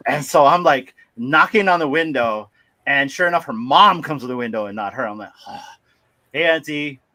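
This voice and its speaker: A man tells a long story on a livestream. His voice is bright and forward. He talks in a lively way, laughs often and slips into other people's voices as he goes. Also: medium pitch, fairly quick. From Hawaii. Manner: animated, laughing, acts out voices. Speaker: livestream host. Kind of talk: casual storytelling.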